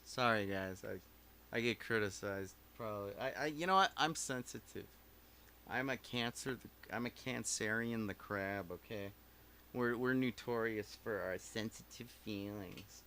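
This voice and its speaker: A man's voice: on the low side, unhurried, sharp tone, a little hiss or hum. A man live-streaming from his home recording setup, chatting casually in a rambling, profane, self-mocking way.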